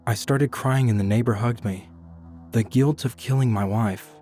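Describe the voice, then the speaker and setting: A man tells a scripted first-person horror story in an even, somber manner. His voice sits low and mellow at a middling pitch, with quiet music playing softly beneath the narration. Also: moderate pace.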